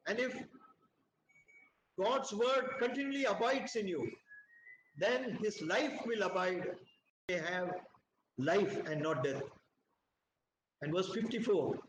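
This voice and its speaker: A man from India leading a Bible study, reading scripture aloud and explaining it in an earnest, emphatic preaching manner. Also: high voice. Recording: roomy echo, faint background noise.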